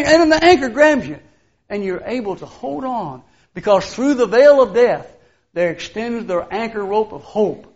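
Older preacher swinging hushed to loud. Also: male voice, extremely high pitch, lo-fi sound. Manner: folksy storytelling, swinging from hushed to loud exclamations. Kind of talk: sermon.

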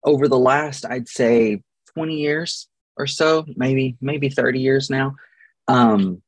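Man, thirties, podcast guest therapist, thoughtful, rambling restarts, breathy voice. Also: medium pitch, slow, dry recording. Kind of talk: conversational explanation on a podcast.

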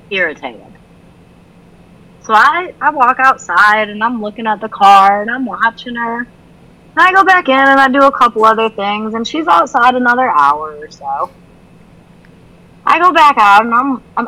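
A woman's voice: mid-range voice, low-quality recording. A middle-aged woman co-hosting a casual recovery podcast, telling a family story and acting out the voices of the people in it. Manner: animated storyteller who acts out quoted voices. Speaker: podcast co-host.

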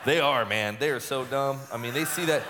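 A retired relief pitcher tells a story in an interview, a man of ordinary pitch who talks in a chatty, looping way and often repeats his words. His voice rings with a long hall reverb. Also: brisk, background noise. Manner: chatty, repeats words, lively acted-out quotes.

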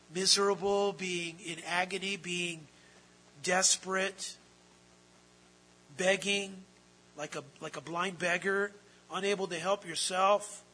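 A man preaching a sermon, swinging between hushed, drawn-out phrases and loud, emphatic ones. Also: high voice, slightly rough, poor audio. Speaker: pastor.

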